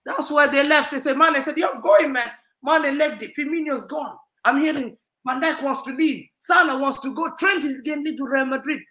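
Loud teasing man on a football panel. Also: extremely high pitch, moderate pace, few pauses, reverberant, slight background noise, low-quality recording. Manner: animated, teasing, laughing often. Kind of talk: loud banter-filled casual chat.

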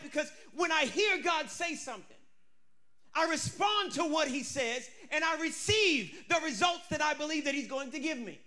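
A male pastor telling a story in an energetic, humorous sermon. His voice is very high and bright, and he often breaks into shouts. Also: normal speed.

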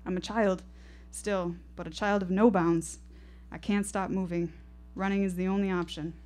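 Young woman reading her own story on stage, lowish voice, reflective. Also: steady tone, normal speed, darkish tone. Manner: vivid, reflective first-person narration. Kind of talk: live storytelling performance. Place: stage at a live show.

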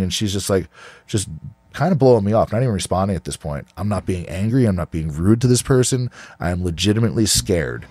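A man's voice: sits low, fairly quick, a little mellow, slightly rough, dry recording. A man from California, a podcast guest, telling a story casually, rambling with lots of "like", restarts and swearing.

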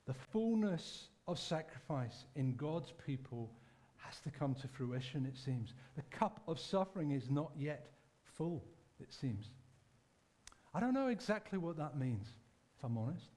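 A man preaching a sermon in a church, speaking conversationally and reflectively, pausing to correct himself and add asides. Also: on the high side, big pitch swings, warm tone. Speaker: pastor.

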